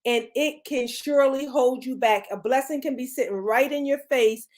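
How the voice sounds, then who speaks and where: High-voiced woman preaching with emphasis. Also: normal speed, a little mellow. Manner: preachy and emphatic, repeats phrases for effect. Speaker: podcast co-host. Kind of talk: motivational talk.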